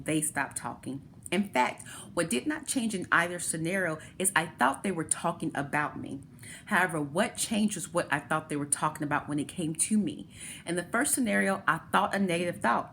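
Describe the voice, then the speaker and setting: A woman's voice: fairly low pitch, a bit bright. A woman hosting a talk, explaining a therapy idea step by step through everyday examples. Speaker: host.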